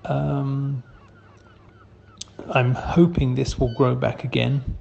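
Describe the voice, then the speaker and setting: Slow, hesitant man. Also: mid-range voice, little pitch movement, creaky, a little mellow, dull audio, slight background noise. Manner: slow, hesitant, full of ums, matter-of-fact. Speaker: friend leaving voicemails. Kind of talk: comic voicemail sketch.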